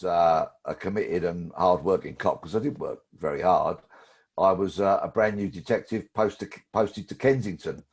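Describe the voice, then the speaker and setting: A man, a former detective telling stories in a lively way as an interview guest. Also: low voice. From London. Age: 60s. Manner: lively anecdotal storytelling. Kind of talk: storytelling interview.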